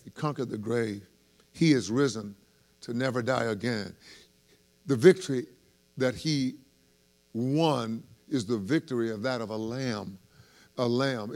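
A male preacher with a mid-range voice delivers a sermon. He moves between easy, chatty asides to his listeners and loud, fervent swells of emphasis. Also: medium pitch. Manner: lively preaching with swells in volume and laughter; conversational asides to the congregation.

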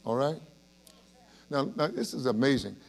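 A man's voice: medium pitch, moderate pace, gravelly. A man preaching an evening Bible study sermon, earnest and emphatic, with rhetorical questions and frequent restarts. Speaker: pastor.

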